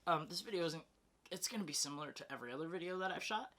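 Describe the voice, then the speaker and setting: A man's voice: a little high, lively intonation, very fast, sharp tone. A young man telling a casual storytime vlog, candid and chatty, with fillers and self-corrections. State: out of breath. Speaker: vlogger. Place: home, then in his car.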